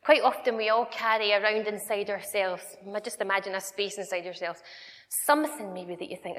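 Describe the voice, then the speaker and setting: A woman preaching a sermon, conversational and emphatic, moving between quiet asides and loud declarations. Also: mid-range voice, steady tone, fairly quick. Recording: long hall reverb.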